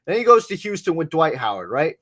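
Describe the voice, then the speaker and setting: A man's voice: a little high, sing-song, brisk, a bit bright. A man co-hosting a sports podcast, talking casually and animatedly, acting out quotes and swearing freely. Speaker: podcast co-host.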